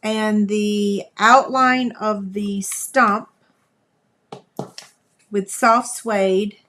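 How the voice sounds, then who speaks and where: A woman's voice: medium pitch, fairly even intonation, extremely slow, fairly bright tone, slight background noise. A woman, hosting a live craft demonstration, chatting folksily with viewers as she works. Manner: chatty, folksy, talks to viewers while working. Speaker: crafting livestream host.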